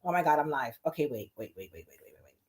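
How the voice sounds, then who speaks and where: A woman hosting her first livestream from home, talking in an excited, nervous and giggly way with lots of exclamations. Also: low-pitched, racing. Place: home in Paris.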